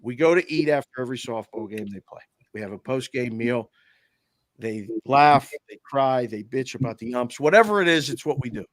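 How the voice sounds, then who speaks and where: Middle-aged male podcast guest, casual storyteller, mid-pitched voice, dry close mic. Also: dry recording. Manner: animated, quotes people in quick back-and-forth.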